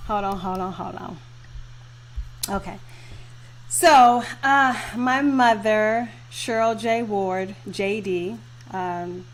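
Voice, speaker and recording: A woman in her thirties hosting a virtual launch party over a video call, effusive and quick to laugh and get emotional. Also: mid-range voice, slight background noise. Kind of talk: casual live video chat.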